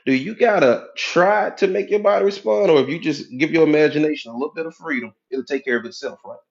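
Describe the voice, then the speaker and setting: A man giving a preachy, animated motivational talk as a life coach, acting out the voices of people he quotes. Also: a little high, fast talker, vocal fry, muffled recording. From United States.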